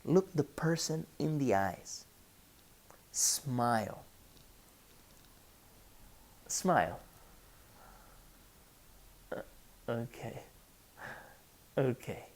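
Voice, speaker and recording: This medium-pitched voice has lively intonation and a breathy edge. It comes from a Brazilian man, Portuguese by native language, who teaches an English lesson online in his Brazilian accent, speaking deliberately and repeating key phrases.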